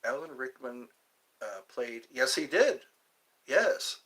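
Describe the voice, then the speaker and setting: Slow, lively-voiced male streamer. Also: mid-range voice, breathy edge, low-quality recording. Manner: rambling, answering viewers' comments. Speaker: live stream host. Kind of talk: casual live-stream chat.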